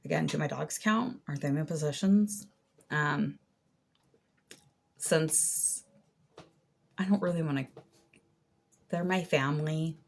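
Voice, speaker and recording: Slow, gravelly-voiced woman vlogger. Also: sits low. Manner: musing, chatty, thinks aloud. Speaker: crochet vlogger. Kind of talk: casual Q&A vlog.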